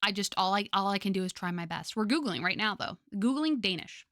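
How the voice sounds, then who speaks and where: A woman's voice: mid-range voice, expressive, a little fast, fairly bright tone, dry recording, clean studio sound. A young woman streamer chatting casually with her viewers, rambling with lots of fillers and frequent laughter.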